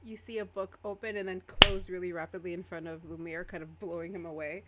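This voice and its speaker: A lively woman narrating as game master of a tabletop role-play, laughing easily. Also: fairly low pitch, a little fast, very noisy.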